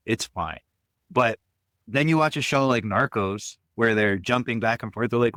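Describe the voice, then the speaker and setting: A Canadian man with a Canadian accent co-hosts a podcast, speaking with firm, emphatic opinions. His voice sits at an everyday middle pitch. The sound is dry and close. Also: measured pace, a bit bright, no echo. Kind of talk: casual chat.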